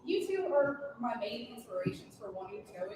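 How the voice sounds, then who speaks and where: An eager woman fan asks a panel her questions, a little hesitant. She is far from the microphone, and her voice echoes through the hall over clear crowd noise. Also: on the high side, big pitch swings, brisk.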